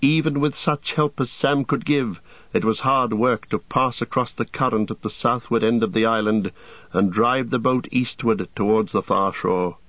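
A man narrates an audiobook in a measured, storytelling way at a middle pitch. The sound is dry and close, with a slightly dull, lo-fi tone. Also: a bit bright, dry recording. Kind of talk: scripted narration.

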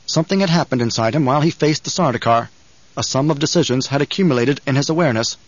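A man reading an audiobook in measured, even scripted narration, on a dull lo-fi recording. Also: mid-range voice, no echo.

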